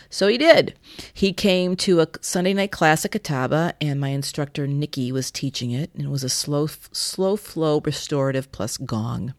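Woman, podcast host, low pitch, lively storyteller, dry close recording. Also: moderate pace, no echo. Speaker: yoga studio owner and podcast host. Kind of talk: casual storytelling chat.

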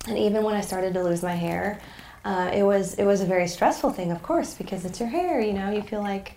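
A woman's voice: mid-range voice, moderate pace, mellow, echoey room. A woman guest on a faith podcast, talking in an earnest, reflective way and getting emotional as she shares. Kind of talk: casual faith conversation.

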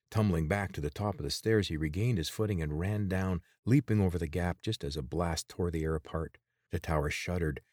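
Deep-voiced male storyteller, dry sound. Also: dry recording. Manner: steady, measured storytelling. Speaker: narrator. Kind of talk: scripted audiobook narration.

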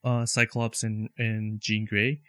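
A man's voice: on the low side, flat delivery, slow, bright, forceful tone, no echo. A man chatting casually while watching a movie, laughing often and rambling with many restarts. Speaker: movie watch-along co-host. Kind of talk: casual chat.

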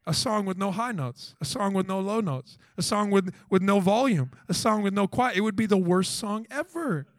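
A man in his thirties delivering a sermon with a fairly high voice. He jumps between earnest counsel and playful mini-scenes of couples talking, asking the crowd question after question. The recording is dry and close, with little room sound. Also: moderate pace, no echo. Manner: animated, acts out quoted voices, rhetorical questions. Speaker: pastor.

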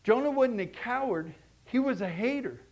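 A man with a notably high voice preaches a sermon to his congregation. He is lively and animated, often restarting his sentences and dropping from loud bursts into quiet, hushed asides. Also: moderate pace. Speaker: pastor.

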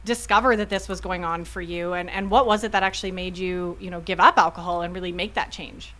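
In a casual podcast interview, a woman host asks her questions hesitantly, with many fillers. She speaks fast in a lowish, steady voice with a slightly bright tone.

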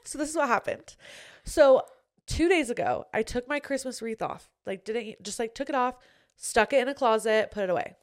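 Animated pregnant woman hosting a podcast. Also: on the high side, moderate pace. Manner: animated storytelling, swearing, acting out her own reactions. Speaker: podcast host. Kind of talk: casual chat.

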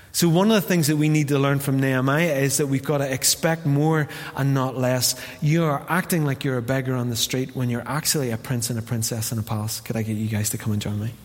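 A man with a Northern Irish accent preaching a lively, jokey sermon as pastor, acting out the quotes he tells. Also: a little high. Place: church hall. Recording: long hall reverb.

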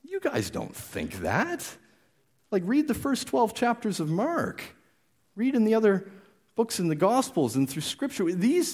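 A man's voice: high voice, a little mellow. Guy giving a sermon, chatty and explaining, voice swings around a lot. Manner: conversational, explanatory, with frequent restarts. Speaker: preacher.

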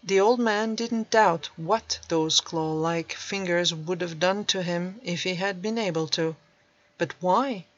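A woman narrating a storybook in a measured, even way. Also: lowish voice, no room sound. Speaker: audiobook narrator. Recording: dull dry recording.

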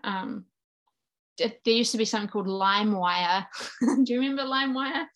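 A woman's voice: medium pitch, a little fast, a bit bright, muffled recording. A woman with a New Zealand accent, in her thirties, tells her story of faith in an earnest, reflective way. Her voice sits in an ordinary middle register for a woman. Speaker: guest. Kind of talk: personal faith testimony in conversation.

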